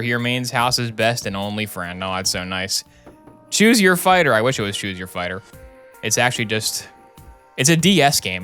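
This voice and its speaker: Bright-voiced sarcastic man streaming a game. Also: medium pitch. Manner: sarcastic, chatty, reads game text aloud. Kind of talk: casual gameplay commentary.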